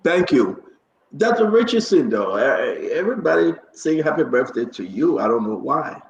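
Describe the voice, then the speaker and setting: A man's voice: fairly high pitch, very animated, normal speed, vocal fry, slight background noise. Chatty male talk-show host, echoey room. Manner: chatty, upbeat, preachy asides. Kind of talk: casual online talk show hosting.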